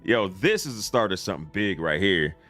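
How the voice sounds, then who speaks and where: A man with a very low voice chats casually on a live stream, loose and slangy and quick to chuckle. Faint music plays softly behind him. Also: expressive. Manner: laid-back and slangy, chuckles often. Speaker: streamer reacting to game videos.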